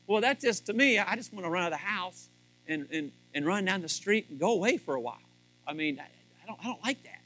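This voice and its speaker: A man's voice: high voice, lively intonation, fast, sharp tone, soft background music, low-quality recording. A man speaking to a live audience about marriage in a joking, folksy way, rambling with restarts. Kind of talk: humorous sermon to a live audience.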